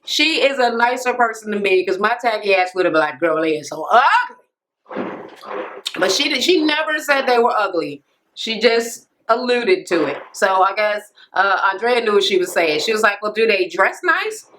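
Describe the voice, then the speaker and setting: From her home near a police station, with a helicopter audible, a woman casually recaps a reality TV episode, blunt and profane, acting out the people she quotes. Her mid-range voice is a bit bright, with lively intonation and moderate pace, and the rough camera-mic recording has a little hiss or hum.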